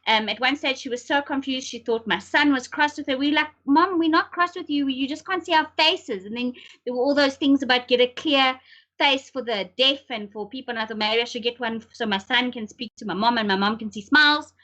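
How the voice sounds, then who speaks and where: A middle-aged woman talks emphatically in a casual podcast chat. Her voice is bright and a little high, and she pushes her points hard. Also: brisk, lo-fi sound. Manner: emphatic, animated, sometimes laughing nervously. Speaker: podcast co-host.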